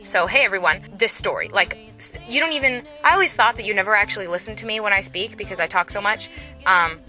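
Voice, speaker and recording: A woman casually telling a long story, acting out the people in it with lively voices. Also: mid-range voice. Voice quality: animated, acts out the people in her story.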